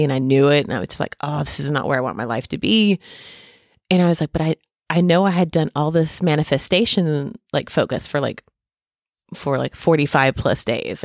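A woman's voice: low voice, no room sound, clean studio sound. A woman in her thirties talking casually and at length about hope and faith, rambling with many fillers and restarts. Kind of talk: casual reflective monologue.

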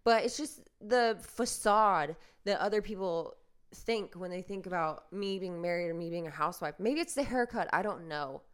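A young woman talks through her own podcast in a loose, self-deprecating monologue, circling back with fillers and half-finished starts. Her voice is smooth and clear. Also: lowish voice, normal speed. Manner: rambling, self-deprecating, many fillers and restarts. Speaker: podcast host. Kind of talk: casual monologue.

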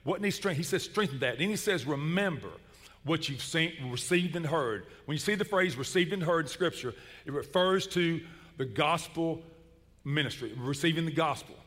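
Male pastor, middle-aged, lively comic storyteller, bright tone in a reverberant church. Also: on the high side, normal speed. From Chattanooga, Tennessee. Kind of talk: sermon with storytelling.

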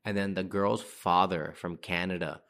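Low-voiced guy on a podcast, blunt chatty dating tips, says dude a lot. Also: steady tone, moderate pace, a bit bright. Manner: chatty, blunt, calls listeners dude and bro. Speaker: podcast host giving dating advice. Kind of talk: casual advice monologue.

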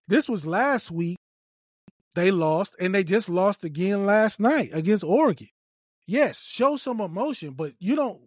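A man's voice: high-pitched, no echo, clean studio sound. A man giving emphatic, repetitive opinion commentary on a video clip, scolding and lecturing.

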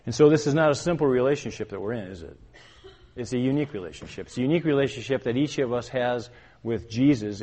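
An older man preaching a sermon, his voice carrying with a long reverb like a large hall. His pitch sits in an ordinary middle range. He speaks emphatically, puts questions to the congregation and rises to loud, urgent commands. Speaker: pastor.

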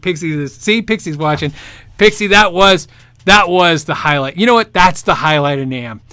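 A man hosting a casual livestream, reading viewer questions and answering with lively, rambling chatter and frequent laughs. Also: on the high side, unhurried, long pauses, clear, resonant tone, no echo. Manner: animated, laughs often, rambling restarts.

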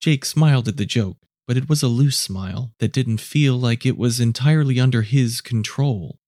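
A man narrates a scripted story in a measured, low-key delivery. His voice is mellow and warm, at a middle pitch. The sound is dry and close. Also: no room sound.

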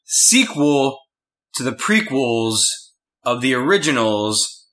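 A man's voice: mid-range voice, big pitch swings, slow pace, a bit bright. A man co-hosting a podcast, chatting casually and joking, rambling with frequent restarts. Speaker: podcast co-host. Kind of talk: casual chat.

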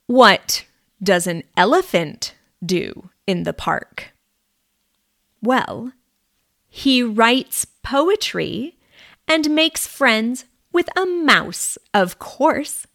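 A woman reading a simple story aloud for language learners, clear and deliberate. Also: a little high, animated, fairly bright tone, dry recording, clean studio sound.

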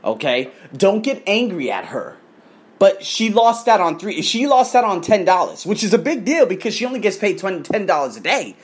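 A man in his thirties telling a story in a casual vlog rant, profane and animated, acting out the voices of the people he quotes. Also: high voice, normal speed. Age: 30s. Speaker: coach. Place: abroad in Thailand.

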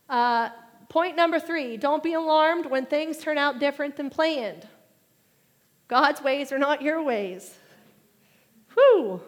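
A woman preaching a sermon, animated and getting loud when she makes her main points. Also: high-pitched, slow pace, long pauses. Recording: long hall reverb.

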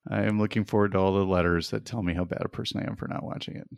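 A man's voice: sits low, fairly even intonation, very fast, vocal fry, clear, resonant tone, no echo, studio quality. A man co-hosting a podcast, laid-back and self-mocking in casual banter. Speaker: podcast co-host.

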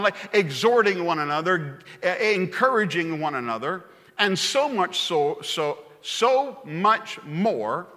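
Man, pastor, animated sermon, punchy repeated phrases, bright voice, echoing church hall. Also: high voice, slow. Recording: long hall reverb.

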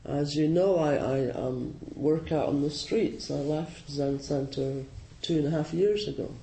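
A man with a Scottish accent, a Zen teacher giving a slow, gently humorous and reflective dharma talk. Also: on the high side, a little hiss or hum. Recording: roomy hall with faint ambience.

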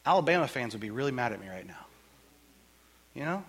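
A male pastor preaching a sermon in a church, joking and conversational in an animated way. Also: mid-range voice, a little fast, husky.

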